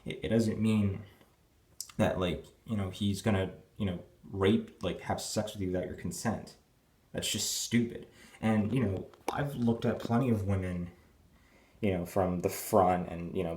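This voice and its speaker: Guy in his 20s ranting at home early morning, keeps it hushed, rambly and crude, lowish dark voice. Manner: crude, rambling, full of fillers and restarts. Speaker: vlogger. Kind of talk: rambling rant to camera. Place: at home indoors.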